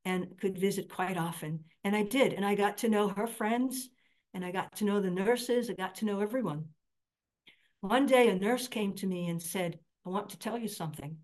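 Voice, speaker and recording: A woman's voice: mid-range voice, darkish tone. A middle-aged woman preaching a sermon, telling stories earnestly and raising her voice when quoting others.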